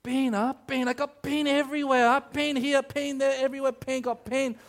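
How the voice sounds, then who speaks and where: A curt, no-nonsense older auntie, high and sharp, speaking clipped Singaporean English, as a male preacher imitates her mid-story. Her lines come in short complaints that end on a drawn-out "ah.". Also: little pitch movement. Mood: complaining. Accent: Singaporean English, mimicked. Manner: curt, clipped, sentence-final "ah". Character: brusque older Singaporean auntie, a woman estate agent.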